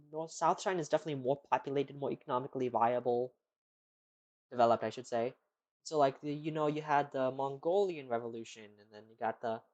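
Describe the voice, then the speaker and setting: A man streaming live, rambling casually as he answers chat questions, with lots of "like" and "you know.". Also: medium pitch.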